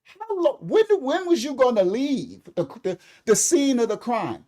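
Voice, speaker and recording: A middle-aged man doing casual commentary for online viewers, animated and preachy, laughing often, talking straight to his commenters. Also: very high voice, a little slow.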